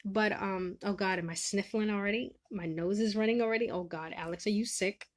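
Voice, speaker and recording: On a relaxed live stream, a woman hands out advice and pokes fun at people in the chat, laughing a lot as her volume rises and falls. Her voice sits in the mid range, with a steady tone and a brisk pace.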